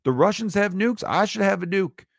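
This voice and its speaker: A man's voice: high voice, lively intonation, moderate pace, vocal fry, no room sound, clean studio sound, pitched above the performer's own voice, exaggerated voice. A man voicing a brash, boastful Southern gun-rights man, in a mocking Southern accent. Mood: boastful indignant. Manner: loud, boastful, indignant. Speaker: comedian.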